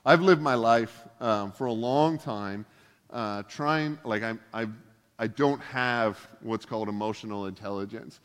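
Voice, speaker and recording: A man's voice: on the low side, measured pace, clear, resonant tone. A male pastor giving a casual sermon, full of joking, self-deprecating asides. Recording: long hall reverb.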